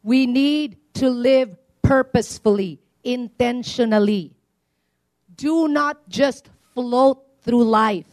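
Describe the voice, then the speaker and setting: High-voiced woman preaching with swings. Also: takes it slowly. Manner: call-and-response preaching, asking for amens; animated, swings between loud declarations and quiet asides. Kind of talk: sermon.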